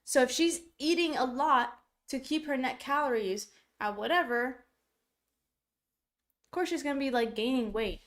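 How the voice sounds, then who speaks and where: A woman's voice: high voice, normal speed, a bit bright. A woman streaming casual reaction commentary, talking bluntly and chattily with lots of fillers. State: coughing, choking on popcorn. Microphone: streaming setup.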